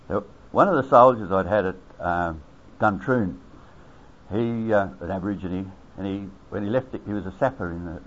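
Older Australian veteran, low-voiced yarn-spinner who chuckles and voices the people in his story, dull lo-fi recording. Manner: chuckling, acts out quoted voices, lots of fillers. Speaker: army veteran telling an anecdote. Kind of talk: rambling spoken anecdote.

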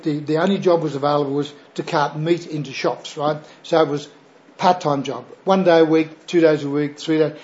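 A man's voice: a little high, a little mellow, dull audio. An older Australian man, a pastor, telling his personal testimony in a chatty, rambling way with frequent fillers and "right?" tags.

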